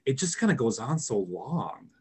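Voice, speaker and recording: Minnesotan man, casual podcast co-host, rambling, lots of fillers, mid-pitched voice. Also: sing-song, normal speed, breathy edge. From Minnesota, rural area. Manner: rambling, many fillers and restarts. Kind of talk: casual film discussion.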